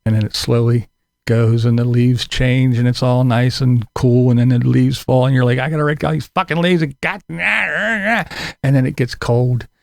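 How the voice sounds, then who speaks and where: A man's voice: mid-range voice, fairly even intonation, measured pace, vocal fry, no echo, studio quality. A middle-aged man from Pennsylvania hosting casual commentary, rambling and sarcastic, cursing offhandedly. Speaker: commentary channel host. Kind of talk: casual commentary on other creators.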